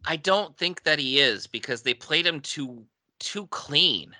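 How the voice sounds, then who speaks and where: A man's voice: fairly high pitch, animated, unhurried, pushed and bright, dry recording, studio quality. A man chatting casually as a podcast co-host, often laughing and stumbling over repeated words. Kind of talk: casual chat.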